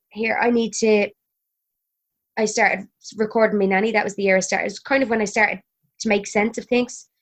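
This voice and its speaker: A woman in her thirties with an Irish accent, chatting as a podcast guest, laughing and swearing freely. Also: medium pitch. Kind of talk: casual chat.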